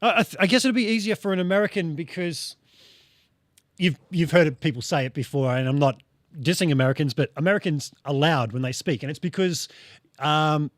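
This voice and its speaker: A man's voice: on the high side, a little fast, dry recording, studio quality. A man hosting a casual podcast interview, explaining his points and acting out vocal sounds as he goes. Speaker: podcast host.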